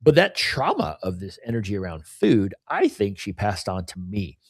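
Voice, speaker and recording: A middle-aged man with a lowish voice speaks openly and confessionally on a casual podcast. He rambles, leaning on "you know" and "right?". The sound is dry and close, with no room echo. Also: big pitch swings, moderate pace, slightly rough. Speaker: podcast co-host.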